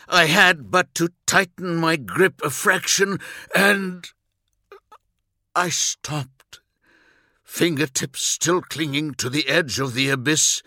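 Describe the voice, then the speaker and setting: A male audiobook narrator reading a dark tale in first person with slow, deliberate delivery. His voice is forceful and tense, captured dry and close with no room sound. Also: mid-range voice, dry recording.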